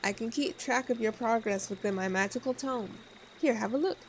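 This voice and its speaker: A woman's voice: fairly high pitch, fairly quick, slight background noise, close to an everyday voice, rough recording. A woman voicing an ancient, bored skeleton chronicler who speaks in a lofty, archaic way with bits of slang.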